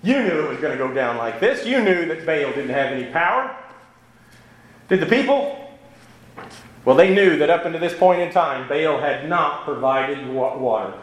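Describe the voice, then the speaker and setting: A man's voice: on the high side, lively intonation, normal speed, echoey room, poor audio. A man preaching a sermon in a conversational way, often checking in with his listeners through rhetorical asides. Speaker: pastor.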